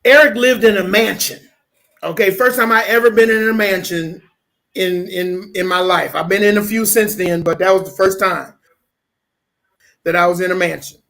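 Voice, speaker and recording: A man, a pastor interviewed as a guest, telling a personal story in a lively conversational way and often checking in with "okay?". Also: high-pitched, normal speed, vocal fry. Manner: animated storyteller, repeats "okay?" for emphasis; switches into lively voices when quoting people.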